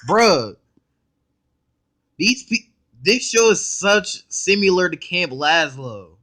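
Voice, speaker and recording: Man, reaction commentary, bright tone, very animated pitch, slangy and blunt. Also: slow pace, faint music behind. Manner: excitable, blunt and profane, keeps interrupting with "hold up"; slangy, talks straight to viewers. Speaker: reaction video host.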